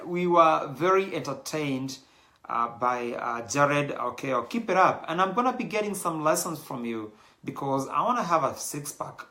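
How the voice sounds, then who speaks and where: Bright-voiced man hosting a show. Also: medium pitch, moderate pace. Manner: animated, mixes in Swahili slang, many fillers. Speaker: show host. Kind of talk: casual talk to the audience.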